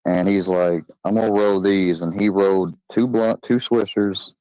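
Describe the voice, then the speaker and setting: A man's voice: deep voice, fairly even intonation, moderate pace, mellow, clear, resonant tone, no echo. A man casually telling a personal story, rambling with fillers, restarts and slang. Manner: swearing, slangy. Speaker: channel host. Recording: dull lo-fi sound.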